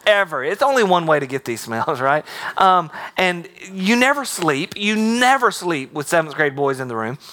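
A man's voice: a little high, pushed and bright. A man preaching a sermon as pastor, mixing humor and acted-out quotes into his teaching. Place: church auditorium.

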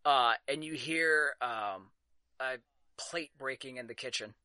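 A man narrating as game master of a tabletop game, halting with many fillers and quick to laugh. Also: medium pitch, bright, forceful tone, dry recording.

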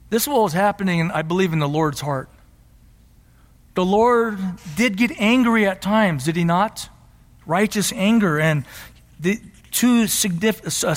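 A middle-aged man preaching a sermon as pastor, teaching earnestly and building to emphatic passion. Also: sits high. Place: church sanctuary. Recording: long hall reverb.

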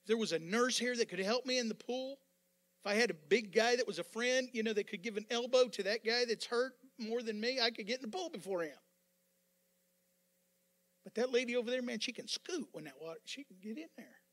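A man over fifty preaching a sermon as pastor, fervent and repetitive, building up to yelling with joking asides. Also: very high voice, lively intonation, fairly quick.

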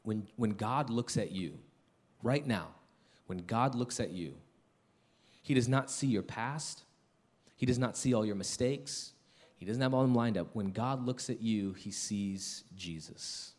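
A middle-aged man preaching a sermon as pastor, dropping to hushed, slow lines and then rising into loud, excited storytelling. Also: mid-range voice.

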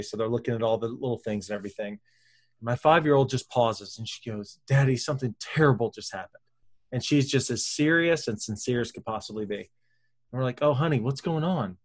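A man in his thirties telling a story in an animated, chatty way, with fillers as he goes. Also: mid-range voice. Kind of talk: casual storytelling.

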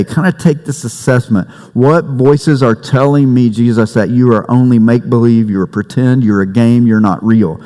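A man preaching a sermon as pastor, conversational and warm-humored, with family stories. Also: medium pitch. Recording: long reverb in a church hall.

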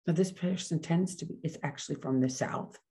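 A middle-aged woman hosts a solo podcast, talking fast and casually and often correcting herself mid-thought. Her voice is low and mellow, with vocal fry.

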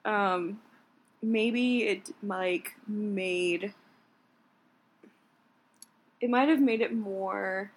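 A woman's voice: medium pitch, very slow, long pauses, low-quality recording. A woman co-hosting a podcast in casual chat. She talks with a hesitant, chatty manner and often laughs. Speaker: podcast co-host.

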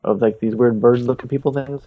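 A man co-hosting a podcast, loosely retelling a video game's story in casual, profane chat and slipping into quick voices for the characters. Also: mid-range voice, fairly even intonation, breathy edge, narrow, tinny audio. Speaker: podcast co-host.

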